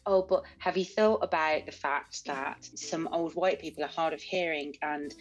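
Lively Birmingham woman, animated storyteller. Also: low-pitched, normal speed, soft background music, rough recording. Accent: Birmingham English. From England. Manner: animated, laughs often, acts out quotes. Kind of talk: casual chat.

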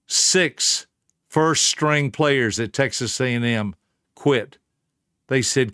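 A man's voice: mid-range voice, slow pace, bright, forceful tone, clean tone, no echo, studio quality. A man telling a motivational story in an earnest, emphatic way and speaking straight to the listener.

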